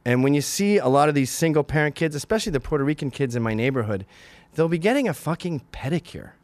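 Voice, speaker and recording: Male host in his forties, crude ranting monologue, lively swinging pitch, dry close mic. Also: quick pace, dry recording. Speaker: podcast host. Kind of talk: comedic monologue.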